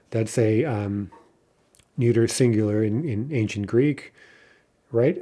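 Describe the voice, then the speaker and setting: A man teaching a language lesson in a patient, explanatory way, often checking with "right?" and pausing on fillers. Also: on the low side, steady tone, warm tone.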